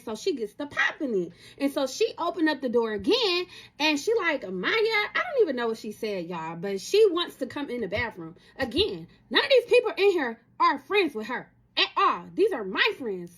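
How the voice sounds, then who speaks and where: A young woman telling a dramatic personal story to her viewers in a casual, animated way. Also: sits high, husky. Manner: animated, talks straight to viewers.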